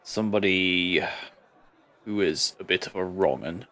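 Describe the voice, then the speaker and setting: A man's voice: low-pitched, measured pace, a bit bright. A man playing in a tabletop game, chatting with laughing asides. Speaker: player. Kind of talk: casual game talk.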